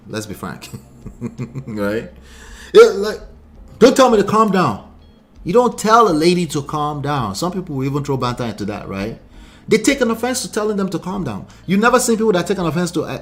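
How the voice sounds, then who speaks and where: A man hosting a relationship livestream, reading viewer comments and answering with emphatic, repeated points and rhetorical questions. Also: fairly high pitch. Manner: laughs often, mocks quoted lines in put-on voices. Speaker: relationship coach and channel host.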